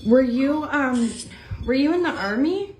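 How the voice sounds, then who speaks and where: A woman on a ghost hunt, gently asking a spirit questions. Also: sits high, lively intonation, unhurried. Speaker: ghost hunter. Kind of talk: calling out to a spirit. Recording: echoey room with loud noise.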